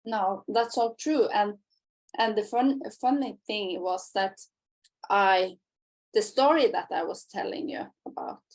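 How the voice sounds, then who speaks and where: A woman hosting an interview, listening closely and answering with soft affirmations. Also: medium pitch, measured pace, low-quality recording. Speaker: interview host. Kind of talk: casual interview chat.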